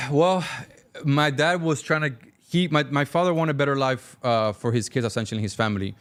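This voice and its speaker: A young man from Cuba telling his life story as a talk-show guest, animated and acting out dialogue. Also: medium pitch. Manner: fast, animated, acts out dialogue. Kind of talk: casual storytelling.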